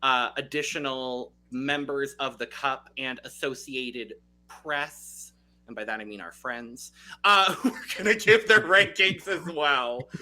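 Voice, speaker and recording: A man's voice: medium pitch, measured pace, bright, forceful tone, low-quality recording. A man hosting a podcast in a casual, playful chat with many fillers. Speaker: podcast host.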